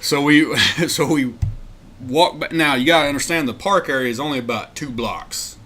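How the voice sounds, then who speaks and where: A man's voice: medium pitch, moderate pace, a little hiss or hum. A man, co-hosting a podcast and telling a road-trip story in casual chat, acting out quotes. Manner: animated storyteller, acts out quotes loudly, laughs often. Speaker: podcast co-host.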